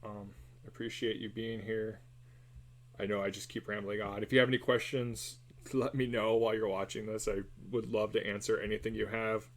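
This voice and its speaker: A man's voice: fairly low pitch, level tone, fairly quick. A man chatting casually and rambling while drawing on a livestream, with a somewhat nasal voice, recorded on a cell phone. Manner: rambling, self-deprecating, hums and sings snatches while drawing. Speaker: artist streaming a drawing session.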